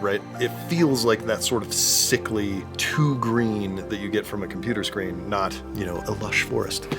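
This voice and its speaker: A man's voice: on the low side, fairly even intonation, moderate pace, over loud music. A man, a filmmaker co-hosting a casual film commentary, joking and enthusiastic. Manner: jokey, enthusiastic. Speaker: co-host, filmmaker.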